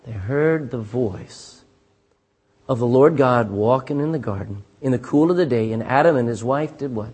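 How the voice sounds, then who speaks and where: A pastor preaching a sermon, reading scripture aloud and calling for amens from the congregation, with dramatic swings between loud and hushed delivery. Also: male voice, medium pitch, normal speed, husky. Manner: asks the congregation for "Amen?" responses; reads scripture in King James wording.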